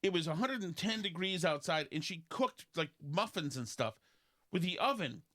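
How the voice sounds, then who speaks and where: A man, hosting a casual podcast and telling rambling stories in which he mimics other people in high voices. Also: animated, moderate pace, sharp tone. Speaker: podcast host. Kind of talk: casual talk show banter.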